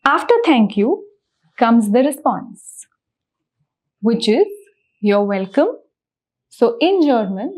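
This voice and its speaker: Patient woman teacher, slightly high voice, unhurried beginner lesson. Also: a little mellow, low-quality recording. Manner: slow, patient explanations with repeated examples. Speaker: language teacher.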